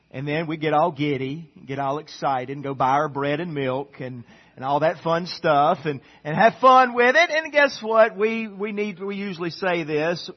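A male pastor preaching with a high, husky voice. He delivers his sermon in an animated way, swinging into loud bursts. The sound is dull and lo-fi. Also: normal speed.

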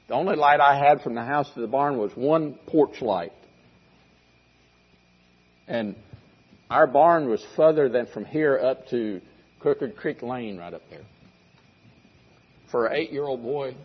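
An older male pastor preaches a sermon in a husky, mid-range voice, driving his points home through emphatic repeated phrases. The audio is dull and muffled, as though taped inside the church room.

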